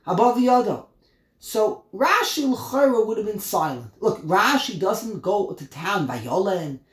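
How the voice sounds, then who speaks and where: A man teaching a text study class, explaining word by word, animated and emphatic, often repeating himself. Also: high voice, unhurried, echoey room. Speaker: Torah teacher.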